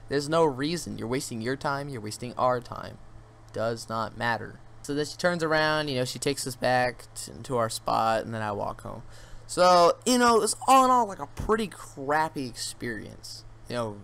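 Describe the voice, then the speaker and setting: A man's voice: mid-range voice, lively intonation, normal speed, vocal fry, fairly bright tone. A teenage boy vlogger rambling through a funny story with lots of fillers, sounding amused. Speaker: gaming channel vlogger. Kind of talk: storytime rant over gameplay.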